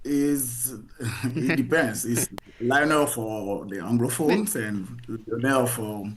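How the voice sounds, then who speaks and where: A man being interviewed on radio as a research guest, speaking haltingly and repeating words as he restarts. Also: mid-range voice.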